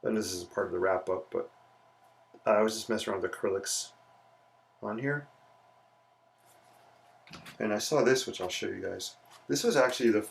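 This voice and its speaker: Man, low gravelly voice, relaxed playful art-stream host; slightly distant mic with faint noise. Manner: relaxed, chatty, playful asides. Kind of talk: casual live sketching stream.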